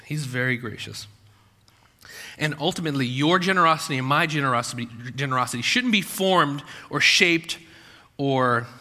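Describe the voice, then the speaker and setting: With a long hall reverb trailing his words, a pastor delivers a chatty sermon full of rhetorical questions and quotes he acts out. His fairly high-pitched voice sounds pushed and bright.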